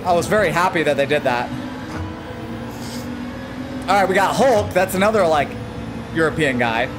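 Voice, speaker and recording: An American man on a live stream, chatting casually and excitedly with his viewers and greeting them by name while he races. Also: a little high, normal speed, music in the background. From United States. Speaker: gaming livestreamer.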